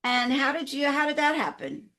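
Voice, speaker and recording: A woman's voice: sits high, big pitch swings, moderate pace, bright, forceful tone. A woman hosting a casual interview who encourages her guest and laughs along with her. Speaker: talk show host.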